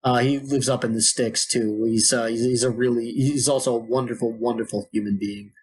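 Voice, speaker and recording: A man's voice: mid-range voice, fairly even intonation, fairly quick, husky. Rambling man telling a long story. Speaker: podcast co-host. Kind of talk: casual podcast chat.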